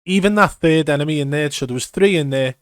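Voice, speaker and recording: A man's voice: a little high, fast, clean tone, no echo, studio quality. A man giving an emphatic, step-by-step commentary on gameplay footage. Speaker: gaming commentator. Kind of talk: video breakdown commentary.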